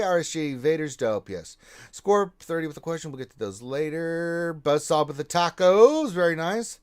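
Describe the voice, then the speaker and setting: A man hosts a casual gaming livestream, reading chat and calling out viewers' names. His fairly high voice swoops up and down with a lot of energy. He jumps to loud shout-outs between relaxed chatter. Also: moderate pace, clear, resonant tone.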